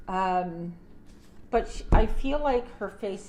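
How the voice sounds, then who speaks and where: A middle-aged woman giving a casual tarot reading to her audience, chatty and animated, with playful asides. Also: mid-range voice, slow, a little hiss or hum. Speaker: tarot reader.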